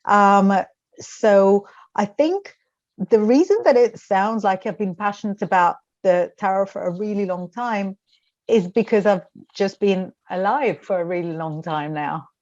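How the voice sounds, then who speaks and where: A woman in her forties talks as a guest in a casual interview, chatty and wry with a self-mocking streak. Her voice sits at an ordinary middle pitch. The recording is a little dull and lo-fi. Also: unhurried, darkish tone. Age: 40s. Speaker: tarot reader, interview guest.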